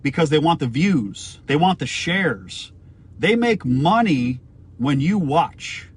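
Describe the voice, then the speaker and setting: A man's voice: on the high side, sing-song, slow, husky. A man from the United States giving an emphatic opinion rant to camera, firing off rhetorical questions and swearing now and then. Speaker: vlogger.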